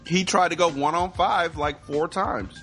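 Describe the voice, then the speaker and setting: A man co-hosting a podcast, telling stories in animated casual chat and acting out sounds. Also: a little high, a little slow, soft background music. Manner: animated storyteller, acts out sounds. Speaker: podcast co-host.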